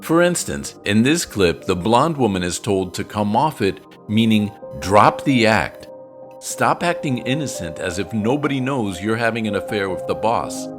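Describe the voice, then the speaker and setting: An American man teaching English expressions in a clear, explanatory lesson narration with joking asides. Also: on the low side, animated, normal speed, over music.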